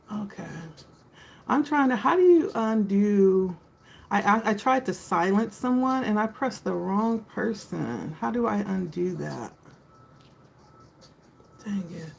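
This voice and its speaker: Slow, gravelly woman chatting on a livestream. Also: mid-range voice, sing-song, a little hiss or hum, poor audio. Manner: chatty, talks to viewers by name. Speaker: tarot reader hosting a live stream. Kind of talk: casual live-stream chat with viewers.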